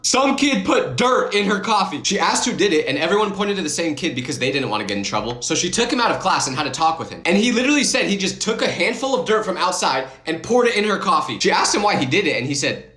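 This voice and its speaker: Fast, animated young man telling stories. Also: on the high side, echoey room. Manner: emphatic, with incredulous rhetorical questions. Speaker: storytime gaming channel host. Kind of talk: scripted storytime narration over gameplay.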